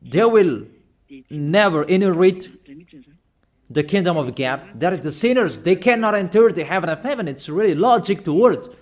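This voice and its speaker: A man preaching a sermon, admonishing his listeners emphatically with slow, deliberate phrasing, pauses and rhetorical questions. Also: high voice, lively intonation.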